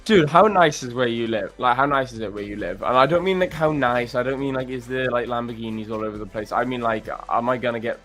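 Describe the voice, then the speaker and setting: A man's voice: medium pitch, fast, hardly any pauses, fairly bright tone, faint music behind. A man hosting a live stream, joking around, laughing often and calling people bro and mate. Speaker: stream host. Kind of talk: casual banter on a live stream.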